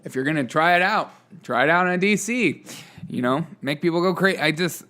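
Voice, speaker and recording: Male host, sarcastic news commentary, slightly high voice, laughs a lot. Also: expressive, brisk, bright, forceful tone. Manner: sarcastic, laughs often between stories. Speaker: political commentary show host.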